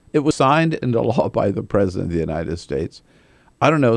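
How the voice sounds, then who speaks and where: Male talk radio host, low voice, dry close studio sound, animated political commentary. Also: no room sound.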